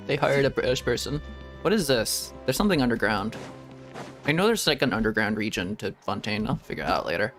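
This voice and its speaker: A man's voice: medium pitch, lively intonation, normal speed, long pauses, a bit bright. A man streaming a game as a VTuber, chatting casually and playfully with frequent laughs and joking asides. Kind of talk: casual gaming commentary. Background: game music.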